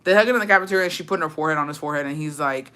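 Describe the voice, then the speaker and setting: A young woman on a livestream telling a story in a blunt, profane, animated way, slipping Spanish phrases into her English. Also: low-pitched, very fast. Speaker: livestream host. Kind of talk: casual storytime rant.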